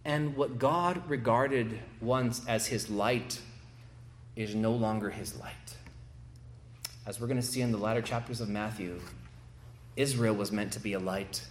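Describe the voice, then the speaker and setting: A man preaching an expository sermon, building to emphatic swells and slowing down to stress key phrases. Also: on the low side, fairly even intonation, slight background noise. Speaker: pastor. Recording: echoey room.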